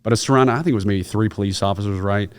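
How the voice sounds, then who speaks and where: Man, fairly low voice, podcast guest, casual storytelling, acts out characters in his stories. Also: very fast, clear, resonant tone. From United States. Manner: lively storyteller who acts out the people in his anecdotes. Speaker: podcast guest, former intelligence officer and instructor.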